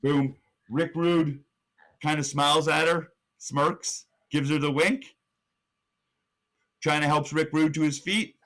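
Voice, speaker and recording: Excitable man narrating wrestling play-by-play. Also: on the high side, takes it slowly, pauses often. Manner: excitable, building hype with sudden rises. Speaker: podcast co-host. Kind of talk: animated play-by-play storytelling.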